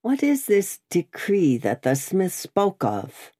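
A woman's voice: on the low side, huge pitch swings, takes it slowly, dark tone, breathy edge, dry recording, clean studio sound, pitched above the performer's own voice, full character voice. A woman voicing an earnest young male nobleman in a storybook reading, raised and pleading. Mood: questioning.

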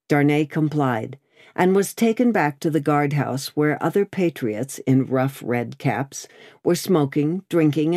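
A reader telling a classic novel in a steady, measured way. The voice sits at a middle pitch, and the recording is close and dry with no room sound. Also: no echo. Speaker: audiobook reader. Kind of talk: scripted narration of a classic novel.

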